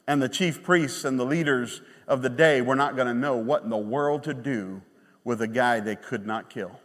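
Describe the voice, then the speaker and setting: A man pastor preaching a sermon, emphatic and animated, with sudden quiet drops. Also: medium pitch, moderate pace. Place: church sanctuary. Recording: long church reverb.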